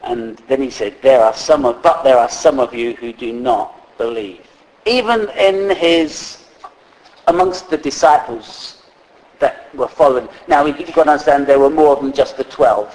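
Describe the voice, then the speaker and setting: A man preaching a sermon in a conversational, halting way, with fillers and restarts, reading scripture aloud. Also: medium pitch, darkish tone, a little hiss or hum, low-quality recording.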